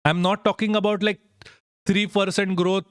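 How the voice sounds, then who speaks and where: A man's voice: sits high, flat delivery, normal speed, smooth, dry recording, studio quality. Blunt, profane Indian man streaming. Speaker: livestream host. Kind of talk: casual live-stream chat reading viewer comments.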